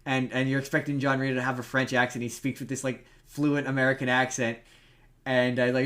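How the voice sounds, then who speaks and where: A man's voice: mid-range voice, level tone, fairly quick, fairly bright tone. A man co-hosting a podcast over a remote call, chatting about movies in a rambling way, with lots of restarts and fillers. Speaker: podcast co-host. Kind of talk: casual movie chat.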